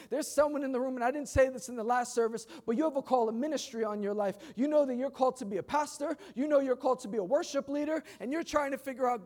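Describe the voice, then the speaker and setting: Brief: pastor in his 30s, very high male voice, emphatic sermon delivery with playful storytelling. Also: fast talker, few pauses, darkish tone. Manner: emphatic preaching with humorous storytelling. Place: church service before a congregation.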